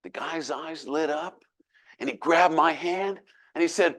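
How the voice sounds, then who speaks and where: A man's voice: a little high, a little slow, a bit bright. A man in his sixties giving a humorous keynote speech, telling self-deprecating stories with folksy jokes. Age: 60s. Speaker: keynote speaker.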